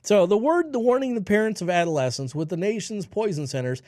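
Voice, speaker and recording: A fairly high-voiced man in his forties hosts a solo health talk show, his pitch swinging widely as he reads out headlines and then breaks into sarcastic rants. The sound is dry and close, with no room around it. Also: lively intonation, a little fast, a little mellow, no room sound. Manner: ranting, sarcastic asides between read-out headlines. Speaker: radio health show host. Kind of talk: solo health news commentary.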